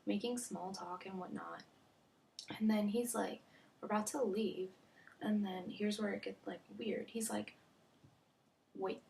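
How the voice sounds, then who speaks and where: A woman's voice: medium pitch, steady tone, a little slow, creaky, a little mellow. A young woman telling a storytime vlog in a chatty way, full of "like" fillers, often dropping to a near-whisper. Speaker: vlogger. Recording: faint background noise.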